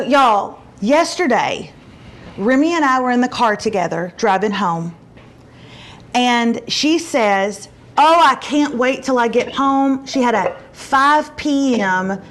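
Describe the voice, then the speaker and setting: A middle-aged woman hosting a casual chat show and telling stories, acting out quotes with big jumps in pitch. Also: slow pace, fairly bright tone. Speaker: show host.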